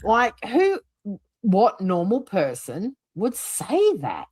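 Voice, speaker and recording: A woman's voice: medium pitch, wildly swooping pitch, slow, a little mellow, slightly rough, no echo. A woman chatting casually in a replayed stream clip, mocking and scornful.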